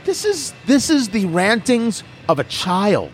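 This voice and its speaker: A man's voice: high voice, unhurried, slight background noise. A man hosting an opinionated political talk show, emphatic and mocking. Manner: animated, emphatic, mocking asides.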